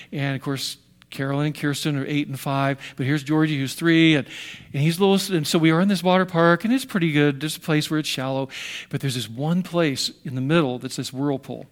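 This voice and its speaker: An older American man preaching a sermon, telling stories animatedly with restarts and sound effects. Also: on the high side. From United States. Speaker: pastor.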